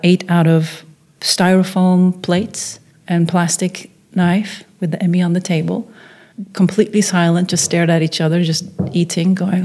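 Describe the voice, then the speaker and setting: A woman's voice: lowish voice, measured pace. A middle-aged woman from Norway, a filmmaker guest, telling a story in an interview and acting out the people she quotes. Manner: animated storyteller, acts out quoted voices.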